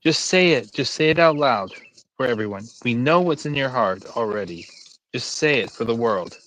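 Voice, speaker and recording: A man's voice: mid-range voice, lively intonation, normal speed, fairly bright tone, low-quality recording. A man on a livestream panel who teases and presses with the same question over and over. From England. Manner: needling, repeats questions, teasing. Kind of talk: casual chat.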